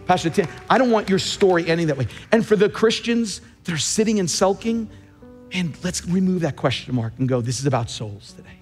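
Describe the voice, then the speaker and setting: A man's voice: sits high, animated, fairly quick, in a large hall, soft background music. A man preaching a sermon as pastor, emphatic, repeating key phrases for weight. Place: large church.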